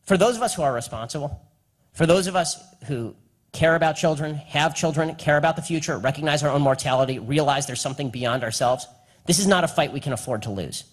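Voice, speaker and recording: A young man with a somewhat high voice speaks at a live event and answers audience questions. His delivery is rapid and combative, and he hammers points home through repetition. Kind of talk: live Q&A speech.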